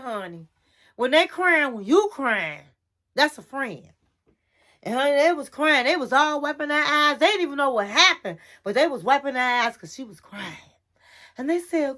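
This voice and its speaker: A woman casually and gossipily recapping a reality TV episode, peppering her talk with honey. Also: high-pitched. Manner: gossipy, animated, says honey a lot.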